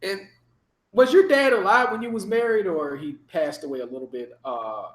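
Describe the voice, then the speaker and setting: A man's voice: high-pitched, normal speed, fairly bright tone. A man hosting a livestream, asking questions and brashly trash-talking with profanity. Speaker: livestream host. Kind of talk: casual interview and chat.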